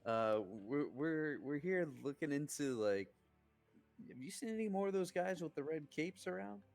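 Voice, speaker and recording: A man's voice: on the high side, normal speed, vocal fry, a little mellow, soft background music. A man playing a tabletop game, chatting casually in character with frequent restarts. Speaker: player.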